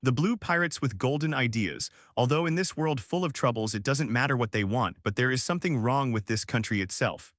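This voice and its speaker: A man narrating an audiobook as scripted narration, reading in a flat, even way. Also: medium pitch, brisk, few pauses, no echo, clean studio sound.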